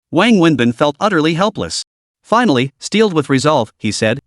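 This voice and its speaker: A man's voice: on the high side, big pitch swings, moderate pace, no echo, clean studio sound. A man giving scripted narration of a comic story recap.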